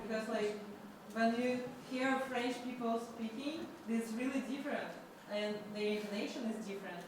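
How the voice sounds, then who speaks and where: A woman's voice: fairly high pitch, moderate pace. Russian-speaking woman student in an echoey classroom. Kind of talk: classroom question and answer. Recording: echoey classroom from far off, audible noise.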